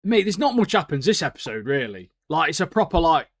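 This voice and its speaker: Laid-back male co-host, animated delivery, dry close recording, casual swearing banter. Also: on the high side, brisk, no room sound. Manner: laid-back, swears freely, laughs often. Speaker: podcast co-host. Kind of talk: casual chat.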